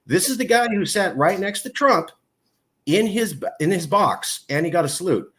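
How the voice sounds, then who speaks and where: A man hosting a casual interview, talking in long rambling stretches with many fillers and pitch that jumps high when he gets worked up. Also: lively intonation, moderate pace, a bit bright. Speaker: podcast host.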